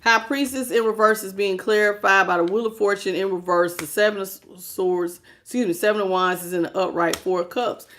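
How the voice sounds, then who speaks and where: A woman's voice: medium pitch, steady tone, a little fast, few pauses, a bit bright, a little hiss or hum. A woman doing a tarot reading to camera, sassy and emphatic, often laughing as she talks. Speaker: tarot reader.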